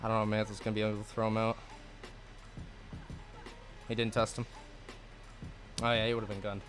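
A man streaming live gameplay and answering his chat, cursing often and swinging between low mutters and angry outbursts. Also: little pitch movement, brisk, music in the background. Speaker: gaming streamer.

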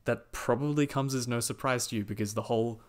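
A man's voice: medium pitch, steady tone, quick pace. A man hosting a podcast, chatting casually about a movie and recapping the plot with lots of fillers and quoted lines. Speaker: podcast host.

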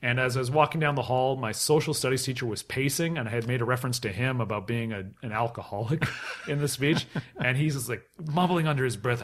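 A man's voice: mid-range voice, fast talker. A man in his thirties from Canada, a podcast guest telling a long anecdote and acting out the people in it. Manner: animated storyteller who acts out quoted voices and laughs often.

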